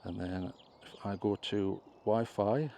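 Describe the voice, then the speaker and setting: Man, warm mellow tone, chatty step-by-step drone tutorial outdoors. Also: lowish voice, slow pace, gravelly, slight background noise. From England. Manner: chatty step-by-step explaining, self-correcting. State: clearing his throat, slight cough. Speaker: drone vlogger. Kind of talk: casual tutorial commentary. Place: outdoors on a hill.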